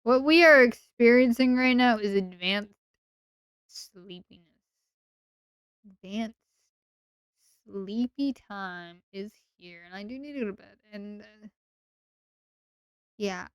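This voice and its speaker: A sleepy woman streamer rambles and teases her viewers in a late-night chat. Her voice sits fairly high and comes through very smooth and clean. The close mic keeps it dry, with no room sound. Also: slow pace, long pauses, no echo. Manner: rambling, playful, teasing.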